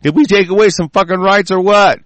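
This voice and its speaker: A man's voice: high voice, steady tone, fairly quick, a bit bright, no room sound, pitched above the performer's own voice. A man putting on the voice of a smug, gloating rich elite, boastful and mocking.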